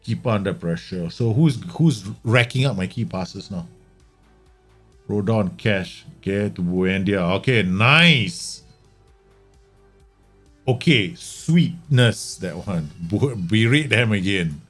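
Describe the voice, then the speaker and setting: Male game streamer, lowish voice, excitable live match commentary, faint background music. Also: slow pace. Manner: animated, exclaiming and grumbling at the match. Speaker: streamer playing a football management game.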